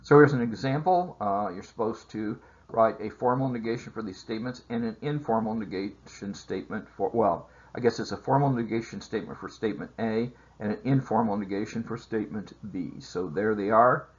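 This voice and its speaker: Low husky male math lecturer, muffled. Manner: measured, explanatory, with frequent "uh" fillers. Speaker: math instructor. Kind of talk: recorded lecture over slides.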